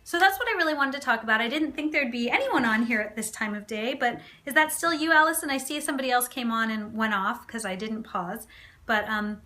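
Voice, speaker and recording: Woman coach on a live stream, chatty, bright and forceful, a bit high. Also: brisk. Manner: chatty, lively, with frequent fillers and tag questions; acts out parent voices in quotes. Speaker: parenting coach. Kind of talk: live video talk to viewers.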